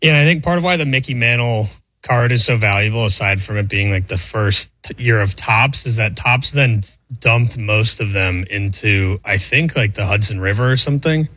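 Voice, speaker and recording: A man's voice: on the low side, normal speed, sharp tone, no room sound. A man co-hosting a sports radio show, casual and joking. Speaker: show co-host.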